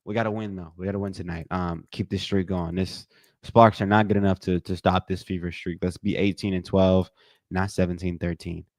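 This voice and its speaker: A young man commentating a live watch party, joking with his chat in a slangy, excitable way. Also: a little fast, no echo, clean studio sound. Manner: excitable, joking, slangy, bursts into high-pitched reactions.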